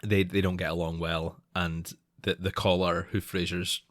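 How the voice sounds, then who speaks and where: A man co-hosting a casual podcast, rambling through his thoughts with many restarts and frequent laughter. His voice sits on the low side, and the recording is dry and close. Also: flat delivery, moderate pace, a bit bright, dry recording. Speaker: podcast co-host. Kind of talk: casual chat.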